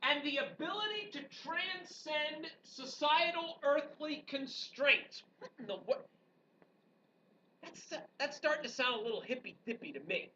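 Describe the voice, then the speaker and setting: A woman history teacher giving an animated, joking classroom lecture full of rhetorical questions to her students. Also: sits high, normal speed, few pauses. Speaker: high school history teacher. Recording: dull, distant classroom recording with faint background noise.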